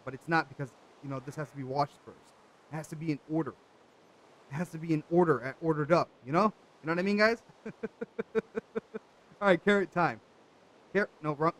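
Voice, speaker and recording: A man's voice: high-pitched, fairly bright tone, low-quality recording. A young man hosting a gaming video, chatting casually to viewers with jokey asides as he plays. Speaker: gaming channel host. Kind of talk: casual let's play commentary.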